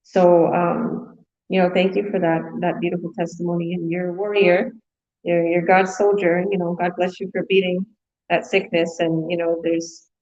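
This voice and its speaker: Woman coach hosting a live webinar, gushing and chatty, low-ish voice, dull lo-fi sound. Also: little pitch movement, normal speed, a little mellow. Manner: chatty, effusive, many fillers.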